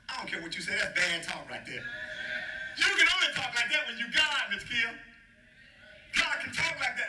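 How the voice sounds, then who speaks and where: A man preaching a sermon as pastor, animated and playful, calling out to the congregation for responses. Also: very high-pitched, moderate pace. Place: church. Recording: echoey room, faint noise.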